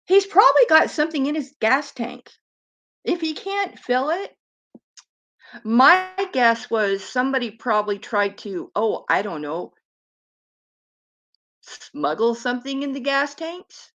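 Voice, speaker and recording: A woman's voice: high-pitched, lively intonation, a little slow, long pauses, fairly bright tone. A woman giving scornful, sarcastic commentary on video clips, swearing freely. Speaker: commentary vlogger. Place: lives on an island.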